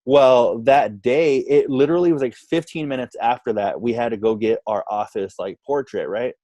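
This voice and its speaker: A man casually telling a story on a podcast, animated, acting out what other people said. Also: mid-range voice, moderate pace, no echo. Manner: animated, quotes others in lively voices. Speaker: podcast guest.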